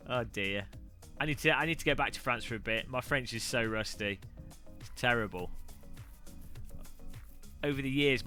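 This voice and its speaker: A man's voice: mid-range voice, sharp tone. A man live-streaming a racing game, chatting jokily with viewers in a casual way. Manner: jokey, chats with viewers, mock French phrases.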